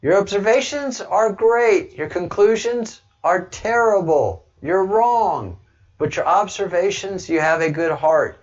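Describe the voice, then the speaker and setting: A man putting on an Indian-accented voice for a gentle male teacher who corrects people kindly, in a high, sing-song manner. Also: expressive, unhurried, dull audio. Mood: earnest.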